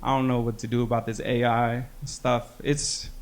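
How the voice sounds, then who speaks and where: A man's voice: mid-range voice, little pitch movement, moderate pace. A young man doing a stand-up set on a club stage, talking in a loose, self-deprecating way with lots of "you know". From American Midwest. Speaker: stand-up comedian. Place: comedy club stage with audience.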